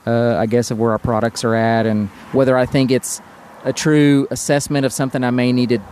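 A man's voice: mid-range voice, flat delivery, a little fast, a little mellow, slight background noise. A man speaking as a brewery guest in a casual podcast conversation, easygoing and hesitant, with many fillers.

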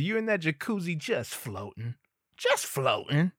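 A man's voice: a little high, big pitch swings, unhurried, a bit bright, no echo, clean studio sound. A man hosting a solo comedy podcast in a crude, rambling, darkly joking monologue. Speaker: podcast host.

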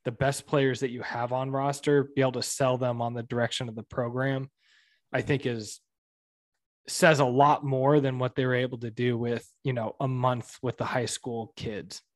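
A man's voice: medium pitch, level tone, moderate pace, no echo. A man co-hosting a casual sports podcast, talking in an upbeat, emphatic way. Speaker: podcast co-host.

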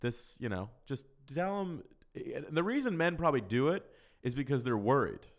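A man's voice: a little high, big pitch swings, moderate pace. A man hosting a solo podcast, answering listener questions in casual chat, talking frankly and profanely with a rambling, loose flow. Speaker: podcast host.

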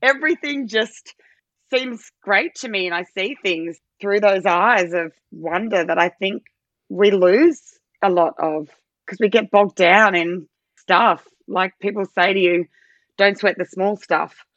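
Animated woman telling stories. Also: measured pace, dry recording, highs cut off. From Australia. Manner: animated storytelling, acts out her own quoted lines in a much higher voice. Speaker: podcast guest. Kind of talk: casual interview chat.

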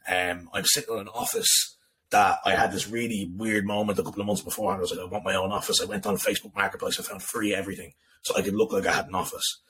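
A man's voice: on the low side, steady tone, fast talker, a bit bright, slight background noise, low-quality recording. A young man telling an emotional personal story on a podcast, emphatic, swearing and repeating himself. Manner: emphatic, profane, repetitive. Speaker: guest.

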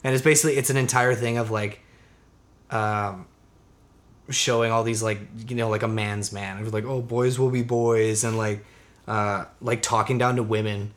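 A man's voice: fairly low pitch, fairly even intonation, normal speed, fairly bright tone. A man co-hosting a casual podcast chat, rambling loosely, swearing freely and laughing often. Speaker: podcast co-host.

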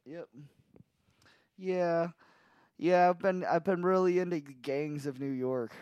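A man's voice: a little high, fairly even intonation, takes it slowly, a little mellow, clear, resonant tone, no room sound, lo-fi sound. A man co-hosting a podcast, chatting casually with crude jokes and rambling restarts. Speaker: podcast co-host. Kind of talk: casual chat. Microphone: studio podcast mic.

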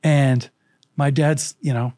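A man's voice: mid-range voice, slow, dry recording, clean studio sound. A man from California who works as a storytelling coach, telling a vivid anecdote as an interview guest. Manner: animated, vivid anecdotal storytelling with acted quotes.

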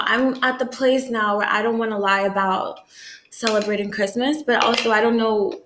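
Young woman from the south ranting to camera, swears a lot, kinda high voice, echoey room. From Southern United States. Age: young adult. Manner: profane, animated, rambling. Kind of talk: casual vlog rant.

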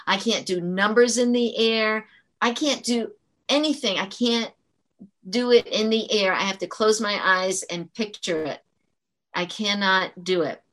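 A woman's voice: mid-range voice, a bit bright. A woman who works as a teacher, talking earnestly in an interview and explaining her points with frequent restarts. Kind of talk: conversational interview storytelling.

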